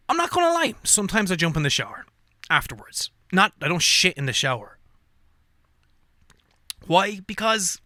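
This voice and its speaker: A podcast host talks straight into the mic in a casual, swear-heavy rant. His voice is bright and forward. The sound is dry and close. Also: medium pitch, dry recording. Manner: profane, animated rants with frequent fillers. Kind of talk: casual ranting monologue.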